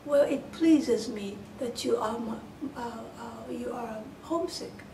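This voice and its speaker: A woman voicing Mother Hulda, a kindly old fairy-tale woman who speaks gently, coaxing and giving instructions. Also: on the high side, slow pace. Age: older. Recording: roomy, distant mic, faint hiss.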